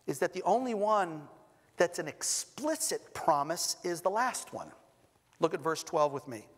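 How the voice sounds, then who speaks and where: A man preaching a sermon as pastor, stressing single words with long pauses and adding light humor. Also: high voice. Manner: light humor between scripture readings. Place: church sanctuary. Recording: long reverb of a church hall.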